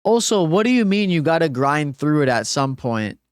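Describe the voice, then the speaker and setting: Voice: mid-range voice, very animated, normal speed, clear, resonant tone, dry recording, clean studio sound. A game streamer on a livestream, talking back to chat in an exasperated, profane rant.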